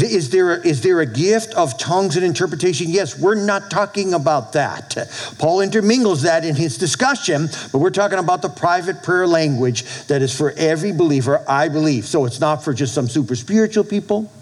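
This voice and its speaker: A male pastor preaching a sermon to his congregation, animated, with call-and-response asides. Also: a little high, low-quality recording. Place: church with a congregation.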